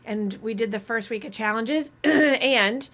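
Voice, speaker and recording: A woman's voice: fairly high pitch, a little slow, a bit bright, slight background noise. A woman hosting a casual live stream, chatty and rambling, often laughing.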